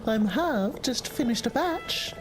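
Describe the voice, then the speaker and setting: A man's voice: very high-pitched, lively intonation, takes it slowly, faint music behind, voice pushed up, full character voice, poor audio. A man voicing a cheerful, hospitable flea brewer who talks in a sing-song way with broken grammar.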